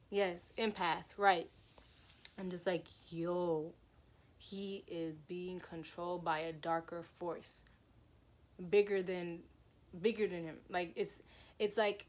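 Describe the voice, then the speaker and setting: Rambling young woman telling a story. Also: medium pitch. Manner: rambling, lots of "like" and restarts, addresses viewers as y'all. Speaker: vlogger telling a personal story. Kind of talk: casual storytelling to viewers.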